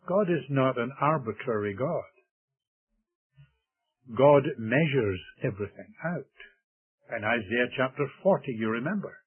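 An older man preaching a sermon in an earnest, measured way, building to emphatic swells. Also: mid-range voice, slightly rough. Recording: tinny phone-like lo-fi recording.

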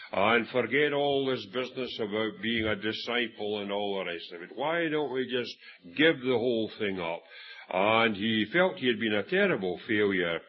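A man's voice: mid-range voice, slightly rough, lo-fi sound. A Scottish man preaching a sermon, telling a Bible story and acting out the quoted voices, with frequent restarts. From Scotland.

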